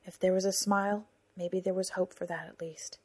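Breathy woman podcaster reading her own story, calm, easygoing pace. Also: lowish voice. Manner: calm, soft-spoken and measured. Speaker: author and narrator of a fiction podcast. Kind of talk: storybook narration and casual podcast notes.

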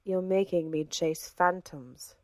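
Woman playing a poised female assassin in an audiobook: slow, even, sweetly threatening. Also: on the low side, slightly rough, no echo, studio quality, heavily acted. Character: cool, commanding female assassin.

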